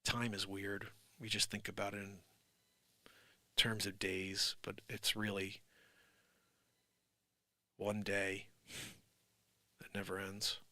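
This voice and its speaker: Middle-aged male host, New Jersey accent, bright forceful tone, dry close sound, animated storyteller. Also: fairly low pitch, takes it slowly, long pauses, no room sound. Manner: animated storytelling, acts out quoted voices, swings from loud to hushed. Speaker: live show host. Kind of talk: casual livestream monologue.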